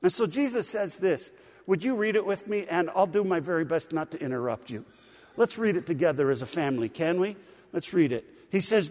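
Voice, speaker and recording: A man's voice: sits high, lively intonation, fairly quick, darkish tone. Conversational male pastor in a reverberant sanctuary. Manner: conversational, asks congregation to respond, laughs at own jokes. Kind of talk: sermon. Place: church sanctuary. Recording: long hall reverb.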